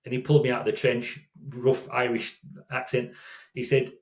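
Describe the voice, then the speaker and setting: A man's voice: medium pitch, level tone, normal speed. Older guy rambling through stories, lots of restarts, echoey room. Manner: rambling, many restarts and self-corrections. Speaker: guest. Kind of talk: casual storytelling. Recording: roomy echo.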